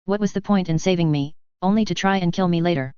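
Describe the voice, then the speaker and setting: A woman's voice: lowish voice, quick pace, darkish tone, clear, resonant tone, dry recording, lo-fi sound, close to an everyday voice. A woman voicing an earnest teenage boy wizard who asks pressing questions.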